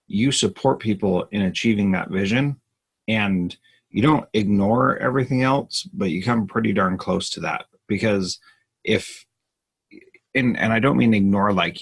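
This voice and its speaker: A man with a husky, low voice speaks in a live Q&A. He talks earnestly and with emphasis, and he often restarts mid-sentence. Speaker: podcast host. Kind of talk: live Q&A conversation.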